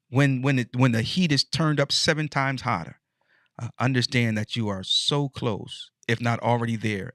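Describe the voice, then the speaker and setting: A man's voice: medium pitch, a bit bright, no echo, studio quality. Folksy man giving a pep talk. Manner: preachy, folksy, playful asides. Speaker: show host. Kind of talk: motivational monologue.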